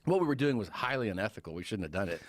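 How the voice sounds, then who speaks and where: Deep-voiced man telling a story. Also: rapid-fire, noisy background. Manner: animated storyteller, acts out quotes in raised voices. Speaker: podcast guest. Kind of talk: casual storytelling chat.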